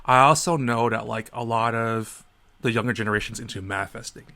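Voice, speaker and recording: A man in his thirties co-hosting a casual podcast, an animated storyteller who acts out the people in his stories. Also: mid-range voice, a little fast. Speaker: podcast co-host.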